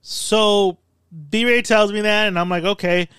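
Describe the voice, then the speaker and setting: A man hosts a casual podcast chat, telling stories animatedly and swearing often. His voice sits high and has a clear, resonant tone, and he takes his time. The studio mic gives a clean, studio-quality sound with no room echo.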